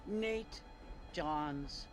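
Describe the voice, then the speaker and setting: A woman's voice: low voice, very slow. An actress voicing a haughty, prim woman passenger in a video game cutscene. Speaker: game character. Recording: game audio with music.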